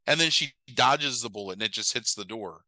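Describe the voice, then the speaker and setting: Over a noisy background, a man with a medium-pitched voice hurries through a movie recap for his podcast. He rambles, drops profanity, and animates the story with quoted voices.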